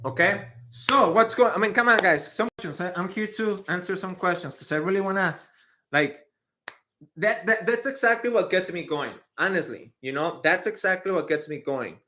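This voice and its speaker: A man with a high, bright voice talks casually as an IT career coach. He answers viewer questions in an animated, slangy way. He sounds like he is in his thirties. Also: normal speed, slight background noise. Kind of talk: casual livestream chat.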